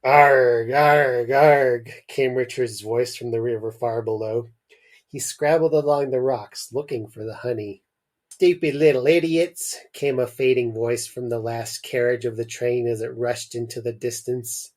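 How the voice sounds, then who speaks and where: A man's voice: mid-range voice, fairly even intonation, moderate pace, mellow. A man host reading a weird children's story aloud on a podcast with dramatic emphasis. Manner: dramatic reading, breaks into laughter.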